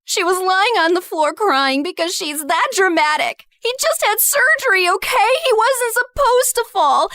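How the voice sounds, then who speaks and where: A woman acts out a spiteful young woman in an animated story, her very high, bright voice leaping all over with sneering contempt. She spits out venomous insults. The sound is close and dry. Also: no echo, full character voice. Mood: bitter. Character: bitter, cruel young woman, scornful and accusing.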